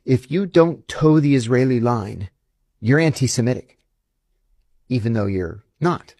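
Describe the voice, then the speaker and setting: A man's voice: medium pitch, expressive, a little slow, warm tone, dry recording, studio quality. A man, a former intelligence officer, giving emphatic, indignant answers in an interview. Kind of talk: interview storytelling.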